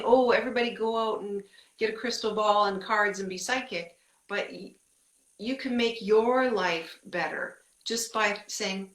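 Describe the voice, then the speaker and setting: A woman's voice: medium pitch, a bit bright, reverberant. A middle-aged woman who works as an intuitive reader, talking casually and emphatically in a podcast chat. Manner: chatty, emphatic, quotes her own inner questions.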